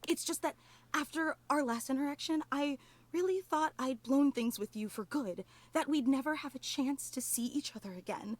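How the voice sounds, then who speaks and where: A woman's voice: high-pitched, normal speed, no echo, natural voice. A woman voicing a clingy, emotional obsessive female superfan in a video game, gushing and tearful, apologizing over and over.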